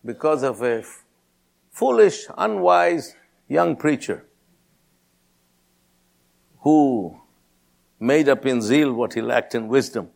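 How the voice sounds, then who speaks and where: Gravelly older man preaching a testimony. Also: takes it slowly, pauses often. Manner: animated storyteller, rises high when quoting others. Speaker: pastor. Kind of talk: sermon testimony storytelling.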